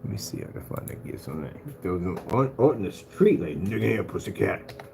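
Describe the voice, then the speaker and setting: A man ranting in a taunting, mocking way to his viewers, jumping between loud jabs and low mutters. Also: big pitch swings, fast, noisy background. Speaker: vlogger. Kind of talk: ranting monologue to camera.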